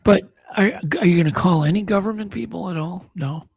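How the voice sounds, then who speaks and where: A man hosts a casual interview podcast, firing off playful, probing questions. His voice sits high and a bit husky. It is recorded dry and close, with no room sound. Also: a little fast, darkish tone, no room sound. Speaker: podcast host.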